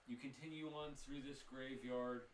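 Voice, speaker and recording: A man speaking at medium pitch, in a steady tone and moderate pace, narrates as game master in a tabletop game. His scene descriptions are loaded with fillers and restarts, and the distant mic picks up room echo and faint noise.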